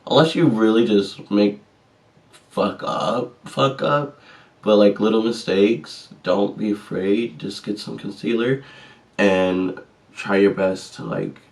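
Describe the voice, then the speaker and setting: A man's voice: lowish voice, measured pace, creaky, a little mellow, distant mic. A man chatting casually and sassily through a makeup tutorial, joking at his own mistakes. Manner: chatty, sassy and self-deprecating. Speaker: vlogger.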